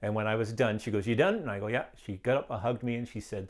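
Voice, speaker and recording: Gravelly man telling his testimony. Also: lowish voice, fast, hardly any pauses. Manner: animated storyteller who acts out quoted dialogue and laughs often. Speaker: guest sharing his testimony. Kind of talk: personal testimony storytelling.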